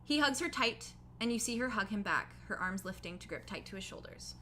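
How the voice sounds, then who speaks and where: A woman's voice: mid-range voice, animated, a little fast, pushed and bright, a little hiss or hum. A young woman narrating a tabletop game as game master, casual, with lots of fillers.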